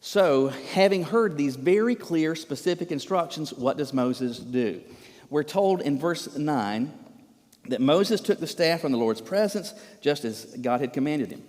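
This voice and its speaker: A pastor delivers his sermon with emphasis and a stream of rhetorical questions, his fairly high voice carrying a long reverb through the church sanctuary. He presses each point home to the congregation. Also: expressive, measured pace, darkish tone.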